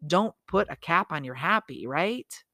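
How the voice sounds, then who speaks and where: A woman's voice: fairly low pitch, lively intonation, a little slow, bright, forceful tone, no echo, studio quality. A woman hosting a motivational podcast, chatty and upbeat, often correcting herself and making asides to herself. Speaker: podcast host.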